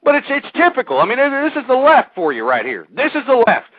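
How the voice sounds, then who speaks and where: A man's voice: extremely high pitch, wildly swooping pitch, brisk, no echo. Ranting man on tinny talk radio. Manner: hostile, angry ranting. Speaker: radio show host. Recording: tinny phone-like dry audio.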